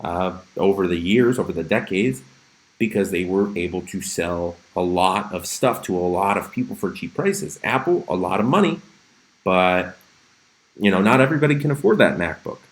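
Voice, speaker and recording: A man in casual livestream mode, his voice sitting a little low. He talks loosely and conversationally, reacting to memes and answering viewers with frequent laughter. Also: expressive, normal speed, rough recording. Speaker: crypto livestream host. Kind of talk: casual livestream commentary reading chat.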